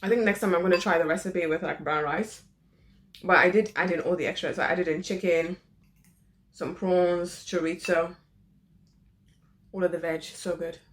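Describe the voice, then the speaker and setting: A woman's voice: on the low side, steady tone, normal speed. A woman vlogging casually at home, chatty and informal as she explains furniture assembly and chats while eating. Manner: chatty, informal, lots of "literally" and "like". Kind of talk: casual how-to vlog chat. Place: home living room.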